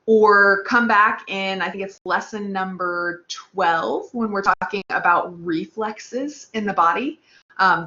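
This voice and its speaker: A woman's voice: medium pitch, pushed and bright. A woman teaching an anatomy lab class online, upbeat and chatty, talking straight to her students. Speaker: anatomy instructor. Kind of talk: live online lab lesson. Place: online class with text chat. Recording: echoey room, slightly dull sound.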